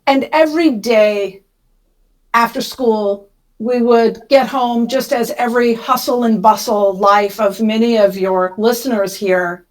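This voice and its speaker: Podcast guest, woman, middle-aged, slightly high pitch, emotional storyteller. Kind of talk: storytelling interview.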